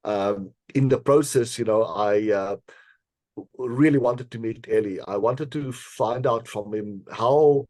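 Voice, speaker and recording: A man being interviewed on a podcast, telling a personal story in an earnest, measured way, with frequent fillers and small laughs. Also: medium pitch, a little mellow, no echo. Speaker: podcast guest, decision scientist.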